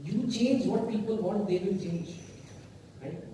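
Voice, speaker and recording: A man gives a conference talk as an author, animated and emphatic, with conversational asides. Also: high-pitched, measured pace, noisy background. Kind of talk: conference speech. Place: conference hall. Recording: echoey hall, voice from far off.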